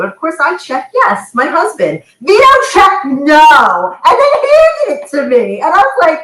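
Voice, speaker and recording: A woman co-hosting a podcast, telling stories to her husband in an animated, exasperated way. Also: high-pitched, moderate pace, few pauses. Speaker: podcast co-host. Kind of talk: casual couple banter. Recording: roomy echo.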